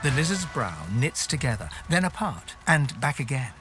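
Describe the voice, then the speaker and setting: A man narrating a game in a measured, descriptive way. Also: medium pitch, big pitch swings, over music, lightly acted. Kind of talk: scripted narration.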